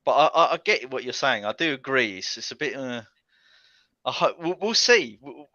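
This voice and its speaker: A man's voice: mid-range voice, animated, normal speed, pushed and bright, no echo. A man guesting on a casual podcast chat, hesitant and often restarting his sentences. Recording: dull lo-fi dry sound.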